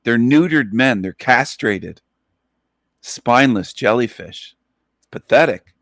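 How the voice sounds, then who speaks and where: A man's voice: medium pitch, expressive, slow, vocal fry, a bit bright, dry recording, studio quality. A man hosting an online radio show, ranting in an emphatic, profane, repetitive monologue. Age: adult, past twenties.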